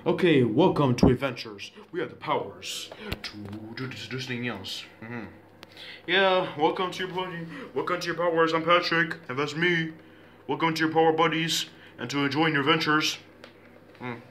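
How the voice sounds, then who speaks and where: A man's voice: on the high side, moderate pace, pushed and bright, slight background noise. A man recording himself in playful pretend play, rambling and repetitive, with many restarts.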